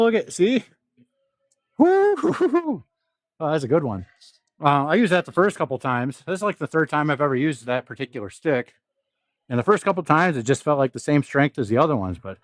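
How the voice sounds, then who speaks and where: A young fitness vlogger from South Dakota speaks with a fairly high pitch and a congested, nasal quality. He's livestreaming casually from an indoor gym, profane and rambling and quick to laugh, and there's no echo.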